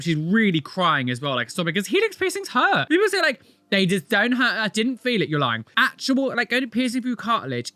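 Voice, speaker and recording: A man's voice: a little high, sharp tone, dry recording. A man hosting a reaction video, talking animatedly and repeating himself as he comments.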